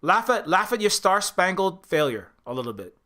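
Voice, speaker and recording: A man's voice: sits high, sing-song, moderate pace, bright, forceful tone. A man who makes indie games, talking casually and rambling, with many restarts, some swearing and quoted voices for other people. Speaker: indie game developer. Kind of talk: casual spoken commentary.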